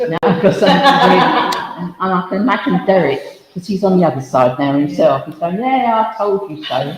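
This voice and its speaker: A man leads a mediumship demonstration at a service, rambling and joking between messages. His voice is a little high with a gravelly edge. It rings around a reverberant village hall, with a faint background hiss. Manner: chatty and humorous, full of asides and anecdotes. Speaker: spiritualist medium and minister.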